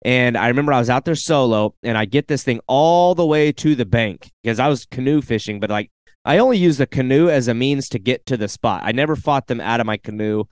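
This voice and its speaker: Relaxed host, plain-spoken, mid-pitched, recorded dry and close. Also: male voice, brisk, clear, resonant tone, no echo. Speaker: podcast host. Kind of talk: casual podcast chat.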